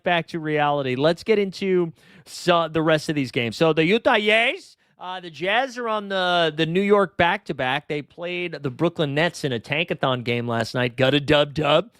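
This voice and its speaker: A man's voice: fairly high pitch, fairly bright tone, clear, resonant tone, no echo, clean studio sound. A young man hosting a fantasy sports livestream in casual chat, rambling and swearing as he drifts into tangents. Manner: rambling, profane, goes off on tangents. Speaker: fantasy sports show host.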